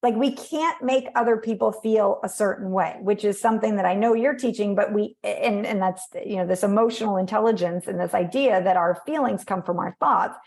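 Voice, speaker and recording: A woman guest on a podcast, chatting in an animated way, acting out little voices and using many fillers. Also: medium pitch, brisk, vocal fry, hardly any pauses. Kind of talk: conversational podcast interview.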